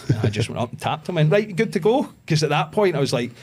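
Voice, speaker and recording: A man with a Scottish accent, a podcast guest telling stories in a lively way and acting out the voices of the people in them. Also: on the high side, racing, slightly rough. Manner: animated anecdotes, acts out quoted voices. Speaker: podcast guest, pro wrestler. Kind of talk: casual storytelling interview.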